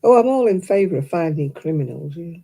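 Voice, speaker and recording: A woman's voice: fairly low pitch, expressive, a little fast, mellow, husky. An older woman with a thick Oldham accent, chatting casually with live viewers while she crochets, opinionated and laughing often. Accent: Oldham, Lancashire. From Oldham, England. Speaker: crochet livestream host. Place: home, crafting at a table.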